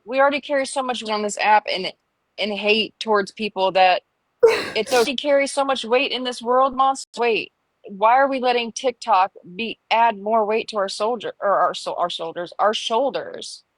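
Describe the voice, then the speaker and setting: A woman's voice: on the high side, normal speed, no room sound, low-quality recording. A woman guest on a livestream, blunt and reassuring, with casual swearing. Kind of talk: livestream chat.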